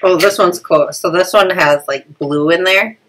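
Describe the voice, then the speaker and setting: Woman in her 30s doing a snack unboxing, bright forceful voice, a bit low, chatty, laughs a lot, little hiss behind. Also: a little slow, low-quality recording. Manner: chatty, laughs often, stumbles over foreign names. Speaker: family channel host. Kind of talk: casual snack unboxing chat.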